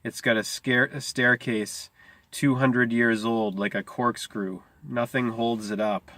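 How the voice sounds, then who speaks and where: A man reading aloud as a quiet, intense teenage gang member, in a low, measured, brooding delivery. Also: steady tone, no echo.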